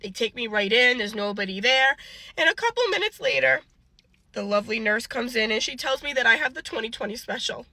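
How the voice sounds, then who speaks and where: A woman's voice: on the high side, animated, a little fast, bright, forceful tone, dry recording. A woman in her thirties telling an exasperated story about her day in a casual vlog. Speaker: mom vlogger.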